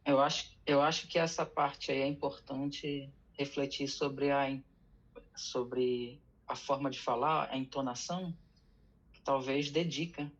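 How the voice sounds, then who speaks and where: Husky student on a muffled call. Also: fairly even intonation, normal speed. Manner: hesitant, restarts words while explaining. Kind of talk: online class discussion. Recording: muffled low-fidelity call audio.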